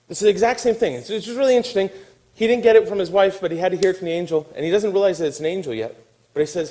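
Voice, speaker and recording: Animated man preaching a sermon. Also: sits high, quick pace, low-quality recording. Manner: animated storytelling, acting out voices of biblical figures. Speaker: pastor.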